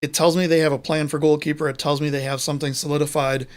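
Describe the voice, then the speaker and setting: A man's voice: a little high, level tone, quick pace. A man co-hosting a live sports show, talking casually and rambling, often correcting himself mid-sentence. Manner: rambling, self-correcting, chatty. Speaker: podcast co-host.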